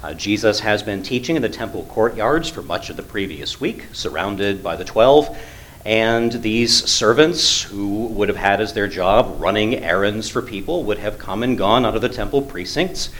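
A man teaching through a Bible passage in a conversational way, with frequent fillers and lively emphasis. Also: fairly low pitch, moderate pace, slight background noise.

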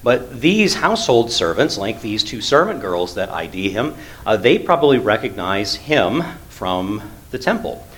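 A man with a somewhat low voice explains a Bible passage verse by verse. He talks plainly and conversationally, with frequent fillers, and leans into his points now and then. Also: a little slow. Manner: conversational, with many "uh" fillers and lively emphasis. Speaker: Bible teacher. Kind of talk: expository Bible teaching.

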